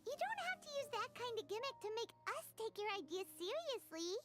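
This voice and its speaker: A woman voicing a tiny, excitable fairy companion in a video game who talks about herself in the third person. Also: very high voice, brisk. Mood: chirpy. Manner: refers to herself in the third person, bubbly and eager. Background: game music.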